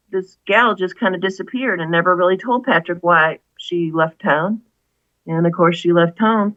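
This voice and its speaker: A woman's voice: lowish voice, a bit bright, dry recording, dull audio. A woman, an author guest, earnestly retelling a story in an interview, with many asides.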